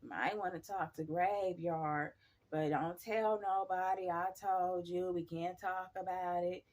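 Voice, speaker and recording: A woman voicing a cautious female coworker who passes on rumors slowly and secretively. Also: fairly low pitch, fairly even intonation, darkish tone. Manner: slow and secretive.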